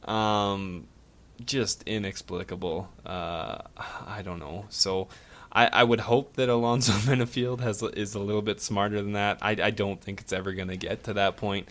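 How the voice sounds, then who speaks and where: A man co-hosting a podcast, breaking down fights in a laid-back, measured way with frequent fillers. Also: on the low side, steady tone, fairly bright tone. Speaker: podcast co-host. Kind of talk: casual sports betting chat.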